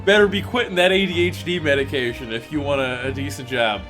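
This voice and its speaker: A man streaming a game, talking casually and profanely, venting in an animated way with loud mock outbursts. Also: mid-range voice, quick pace, music in the background. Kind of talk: casual gaming stream commentary.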